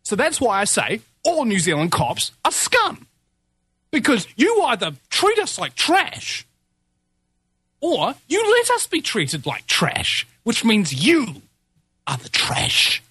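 A man's voice: high-pitched, huge pitch swings, slow pace, pushed and bright, slightly rough, dry recording. A man hosting a talk show, ranting with heated emphasis. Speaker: show host.

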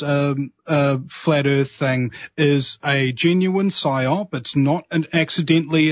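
Husky man asking wry questions. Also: on the high side, no room sound. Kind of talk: casual podcast discussion. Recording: dull lo-fi, dry sound.

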